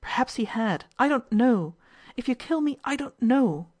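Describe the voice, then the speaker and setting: A woman's voice: a little high, lively intonation, moderate pace, a little mellow, pitched above the performer's own voice. A cornered, frightened woman from an old novel who quavers her denials and clings to them doggedly, as a woman reader voices her. Her speech is defensive and shaky yet stubborn. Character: frightened, evasive lodging-house woman, stubborn.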